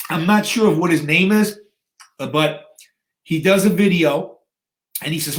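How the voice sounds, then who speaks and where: A man's voice: a little high, unhurried. A man in his fifties, a guest in an interview, telling a story vividly and acting out the scenes. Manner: vivid, dramatic storyteller who acts out scenes. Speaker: guest, bodybuilder and fitness coach. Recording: echoey room.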